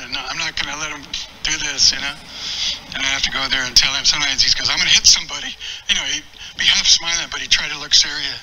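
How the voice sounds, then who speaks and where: A man with a somewhat higher voice gives a memorial tribute, earnest and heartfelt. He speaks haltingly, restarting his sentences often. A clear hiss of noise runs under the recording.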